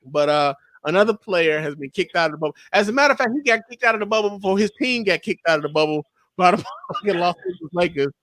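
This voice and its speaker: A man in his thirties co-hosting a podcast, chatting casually about sports with loud, laughing, profane banter. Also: high-pitched, animated, quick pace, no room sound. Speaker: podcast co-host.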